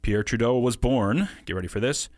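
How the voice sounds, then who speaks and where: American guy hosting a podcast, quick chatty talk with lots of laughs, dry close mic. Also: mid-range voice, a little mellow, dry recording. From United States. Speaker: podcast co-host. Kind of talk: casual podcast chat.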